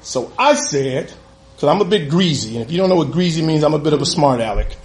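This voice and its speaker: A man telling a comic, profane story live on stage, with an animated delivery and cheeky asides. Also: on the high side, fast talker, reverberant. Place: stage in a venue.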